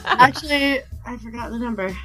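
A woman's voice: fairly high pitch, a little fast, a crowd in the background. A woman co-hosting a podcast, making cheeky, crude jokes in casual banter. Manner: cheeky, crude teasing, laughing. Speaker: podcast co-host.

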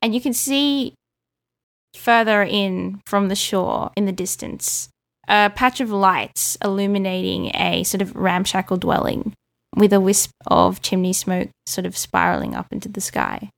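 A woman narrating a tabletop role-playing game as game master, relaxed and descriptive. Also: medium pitch, unhurried, gravelly.

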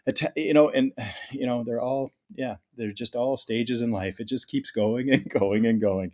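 Middle-aged man from Canada hosting a podcast, mid-pitched, chatty and eager, with loose, rambling phrasing. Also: steady tone, moderate pace, hardly any pauses, darkish tone. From Ontario, Canada. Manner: chatty, enthusiastic, self-correcting. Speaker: podcast host. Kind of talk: casual medical podcast chat.

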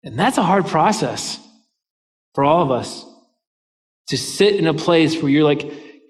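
A man's voice: on the high side, expressive, measured pace, long pauses, long reverb tail. A man preaching a sermon as a pastor, telling a personal story and acting out the lines people said. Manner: storytelling, acts out quoted dialogue.

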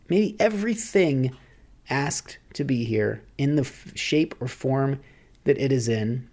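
Male podcast host, gravelly, reflective rambling monologue. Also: medium pitch, mellow. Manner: musing, rambling, philosophical.

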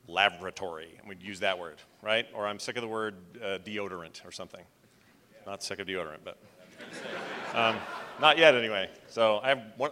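A man's voice: fairly low pitch, a little hiss or hum. A man hosting a live panel, joking and calling on audience members in a large hall. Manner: lively, joking, calls on people. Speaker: podcast host running a live panel Q&A.

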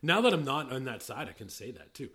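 Middle-aged man, average pitch, loose rambling talker who cuts himself off and laughs a lot; casual podcast co-host. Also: very animated, brisk, fairly bright tone. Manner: rambling, self-interrupting, laughs easily. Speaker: podcast co-host, whiskey industry veteran. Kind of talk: casual chat.

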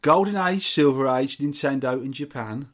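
Bloke co-hosting a podcast, rambly and jokey, middle pitch, casual chat. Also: male voice, normal speed. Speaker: podcast co-host. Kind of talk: casual chat, reading out event news.

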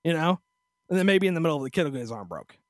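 A man's voice: on the high side, sing-song, racing, no echo. A male podcast host telling a story in a crude, profane, sarcastic rant into a studio microphone. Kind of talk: casual ranting storytelling.

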